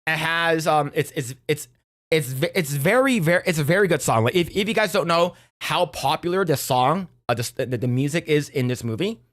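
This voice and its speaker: A young man with a slightly high voice casually recaps a movie for his stream. He rambles, stumbles through restarts and fillers, and slips into quick impressions of the characters. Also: animated, a bit bright. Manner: rambling, many fillers and restarts, acts out quotes. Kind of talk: casual retelling of a movie plot.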